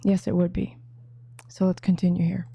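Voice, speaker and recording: A woman's voice: lowish voice, completely flat delivery, moderate pace, creaky, dark tone, slightly rough. Chatty woman groomer hosting a watch party. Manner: chatty, reads viewer comments aloud, teasing. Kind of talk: casual live-stream chat.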